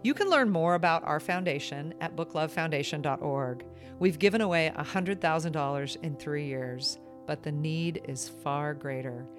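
Woman, podcast host, low voice, earnest, guitar music underneath. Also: normal speed. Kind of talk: scripted podcast hosting.

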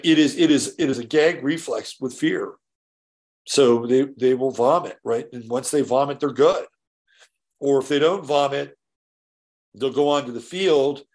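A man hosting a casual solo show, his voice gravelly with plenty of fry. He rambles through a story and keeps checking in with "right?" between restarts. He swears now and then in an easygoing way. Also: medium pitch, a little mellow. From California. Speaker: show host.

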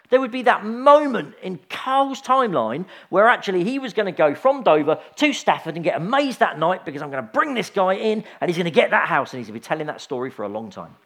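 A man's voice: high-pitched, sing-song, quick pace, few pauses, fairly bright tone. A middle-aged man giving an informal sermon, chatty and anecdotal, with frequent restarts and asides. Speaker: preacher.

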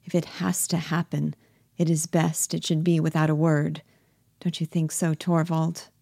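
A woman reading the part of Nora, a lively and anxious young wife in a stage play, quick and coaxing in her speech. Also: sits low, vocal fry, no echo, clean studio sound.

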